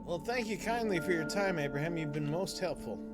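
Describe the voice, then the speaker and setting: A man's voice: fairly high pitch, expressive, brisk, loud music behind the voice. A man with a Southern US accent, talking politely as a tabletop game player.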